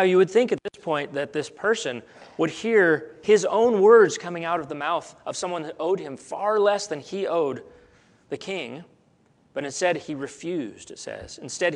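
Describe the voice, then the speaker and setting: A middle-aged pastor with a slightly high, creaky voice preaches in a storytelling style. He builds to emphatic peaks, falls back to softness, and often repeats words as he thinks out loud.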